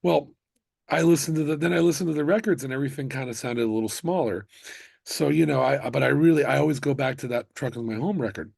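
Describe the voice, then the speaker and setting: A man from the United States, a musician, telling stories in a casual interview with animated bursts of excitement. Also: mid-range voice, quick pace, vocal fry, husky, dry recording. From United States (Miami). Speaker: musician guest.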